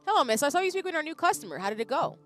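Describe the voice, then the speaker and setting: A woman voicing a gentle, odd shopkeeper man with strange phrasing, calm and gently questioning. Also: high voice, racing, soft background music, voice pushed up.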